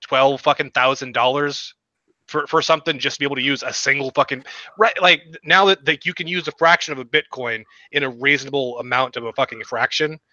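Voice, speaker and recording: A man's voice: medium pitch, steady tone, a little fast, pushed and bright, no room sound, highs cut off. A man co-hosting a casual podcast, joking and stammering through his points with plenty of swearing. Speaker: podcast co-host.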